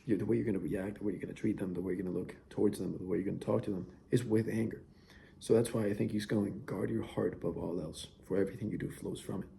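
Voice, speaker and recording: A man's voice: on the low side, steady tone, fast, creaky, warm tone, slight background noise. A young man talking casually and earnestly to camera about Bible verses, often saying "dude" and dropping to near whispers. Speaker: faith vlogger.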